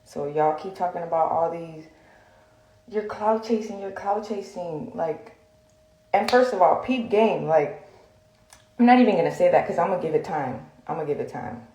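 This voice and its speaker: A woman's voice: deep voice, expressive, moderate pace, mellow. Blunt, profane woman venting in an echoey room. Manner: blunt, profane, rambling with many fillers. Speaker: social media vlogger. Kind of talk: heated direct-to-camera rant.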